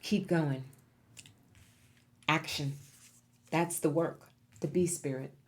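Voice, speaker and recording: A woman with a low voice reads tarot cards for viewers. She is encouraging and emphatic, and she leans on repeated key words to drive each point home. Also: fairly even intonation, takes it slowly. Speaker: tarot reader. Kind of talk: pick-a-card tarot reading.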